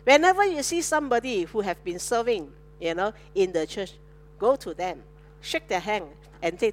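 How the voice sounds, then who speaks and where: A woman pastor, preaching a sermon with animated call-and-response to her congregation. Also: mid-range voice, normal speed, a little hiss or hum.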